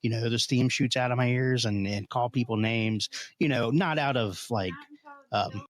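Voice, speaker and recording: A man in casual chat as a podcast co-host, talking haltingly with many fillers and restarts, a little curmudgeonly by his own account. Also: medium pitch. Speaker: podcast co-host, tabletop player.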